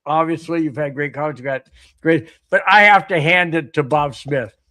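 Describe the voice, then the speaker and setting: A man's voice: a little high, normal speed, pushed and bright. A man co-hosting a casual sports podcast, laughing often and reading chat comments aloud. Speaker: podcast co-host.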